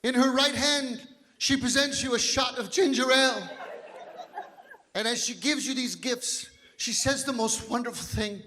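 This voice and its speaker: High-voiced, animated man doing stand-up. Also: measured pace, a faint crowd, slight background noise. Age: 50s. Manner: big animated storytelling, drops to quiet voices for quoted doctor. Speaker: stand-up comedian. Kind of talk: stand-up comedy set. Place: comedy stage. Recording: live hall with audience laughter.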